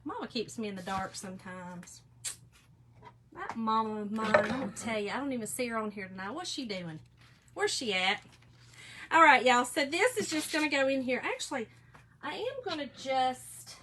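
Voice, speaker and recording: A woman in her forties with a drawl talks through a craft demo in a chatty, easygoing way. Her voice is bright and a touch high, with a faint hum of room noise behind her. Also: expressive, moderate pace. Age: 40s. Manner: chatty, reads out viewer comments, laughs often. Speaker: craft live stream host. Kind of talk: casual live craft demo chat.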